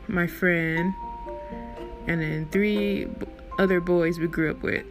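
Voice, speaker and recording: A woman hosting her own show, telling a personal story in a casual, rambling way. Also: fairly low pitch. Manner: chatty, rambling, animated in recounting. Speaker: storyteller host.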